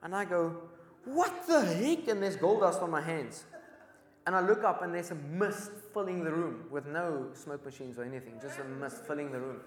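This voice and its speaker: A man from Africa, telling an animated testimony as a preacher and acting out the dialogue. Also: a little high, normal speed, echoey room. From South Africa. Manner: excitable storyteller who acts out dialogue.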